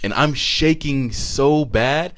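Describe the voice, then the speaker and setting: A man in his twenties telling a long story on a podcast, animated and swearing, laughing as he goes. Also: medium pitch, slow. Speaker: podcast co-host. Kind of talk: casual storytelling.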